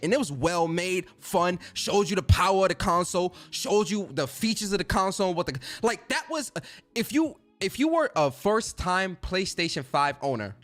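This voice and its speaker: A man's voice: sits high, a bit bright. A man hosting a gaming stream in a casual, profane rant, repeating phrases for emphasis.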